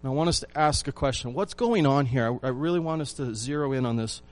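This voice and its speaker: A male pastor delivering a sermon in an ordinary mid-range voice. He drives his points home with repeated phrases and rhetorical questions to the congregation. His delivery moves between emphatic bursts and quieter, hushed asides. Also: medium pitch, expressive, quick pace. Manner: emphatic repetition, swings between loud and hushed.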